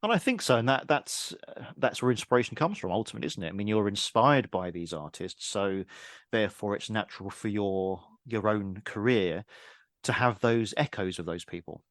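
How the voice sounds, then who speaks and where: A man's voice: fairly low pitch, lively intonation, moderate pace, no room sound, clean studio sound. A man hosting a podcast interview, asking questions with hesitant restarts and lots of listening sounds. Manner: warm backchannel, frequent "mm" and "yeah", hesitant restarts. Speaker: podcast host. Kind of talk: casual interview chat.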